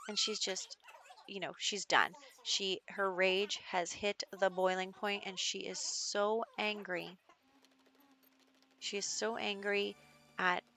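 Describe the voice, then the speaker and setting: A woman's voice: medium pitch, pushed and bright. A young woman casually narrating her gameplay as the show's host, telling the story in a chatty way with fillers. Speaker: gaming video host.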